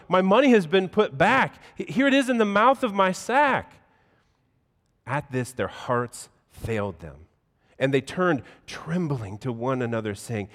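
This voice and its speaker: A pastor reading scripture aloud in a measured, solemn way, then preaching a sermon in a church. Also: male voice, medium pitch, fairly bright tone. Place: church sanctuary. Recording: long hall reverb.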